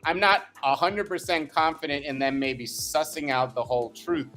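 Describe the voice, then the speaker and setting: A man co-hosting a podcast who talks in an animated, opinionated, emphatic way. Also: on the high side, normal speed, faint music behind. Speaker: co-host. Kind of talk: casual podcast chat.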